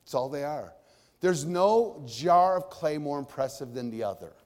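A middle-aged man preaching a sermon in a church. He talks in a conversational way, swinging between loud and hushed. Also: a little high, animated, moderate pace. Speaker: pastor. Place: church sanctuary. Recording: long reverb of a large hall.

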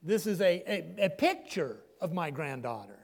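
Older male pastor, high animated voice, emphatic pausing delivery, long hall echo. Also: gravelly. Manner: emphatic preaching with dramatic pauses. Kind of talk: sermon.

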